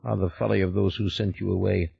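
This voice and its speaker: A man's voice: sits low, flat delivery, fast, vocal fry, husky, dry recording, dull audio, full character voice. A man reading an audiobook, voicing an insistent, powerfully built stranger who speaks urgently and presses his point. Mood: intense. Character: powerful northern European man, insistent, knowing.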